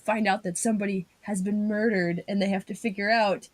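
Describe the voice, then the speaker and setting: A woman's voice: medium pitch, steady tone, brisk, no echo. A woman co-hosting a podcast in casual chat, giggling often and swearing freely. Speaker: podcast co-host.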